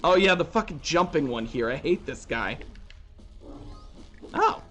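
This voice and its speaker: Man streamer, bright and animated, casual swearing over gameplay, music faint behind. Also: on the high side, a little slow.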